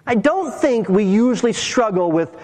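A pastor preaching a sermon and explaining a verse, earnestly teaching and slowing down to stress key phrases. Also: male voice, high voice, big pitch swings, a little mellow, low-quality recording.

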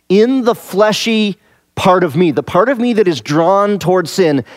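A Bible teacher with a voice that sits high moves fairly quickly through a scripture passage verse by verse. The sound is clean studio audio with no room echo, and his style is conversational, with rhetorical questions and key phrases repeated for emphasis.

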